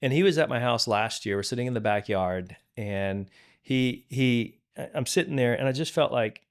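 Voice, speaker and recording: Here a pastor in middle age, a guest on a podcast, shares a forgiveness story of his own with earnest candor, often backing up and repeating himself. His medium-pitched voice is clear and resonant, animated, and moves at a moderate pace.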